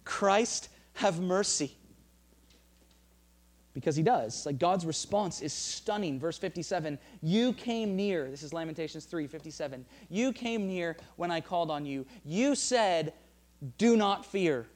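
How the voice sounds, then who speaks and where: A man preaching a sermon in an earnest way, often repeating words and dropping softer to read scripture. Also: fairly high pitch, lively intonation, moderate pace. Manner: earnest, repeats phrases, drops soft for scripture. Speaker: pastor.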